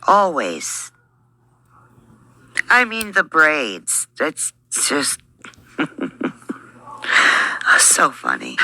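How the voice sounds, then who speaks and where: A woman's voice: low-pitched, huge pitch swings, drawn-out words, gravelly, pauses often, pushed and bright, no echo. A middle-aged woman hosting reaction commentary, blunt and scornful, rambling through asides. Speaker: reaction channel host.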